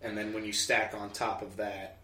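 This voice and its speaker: A man interviewing a guest in a relaxed, curious way in a casual group chat. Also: lowish voice, normal speed. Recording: echoey room, faint background noise.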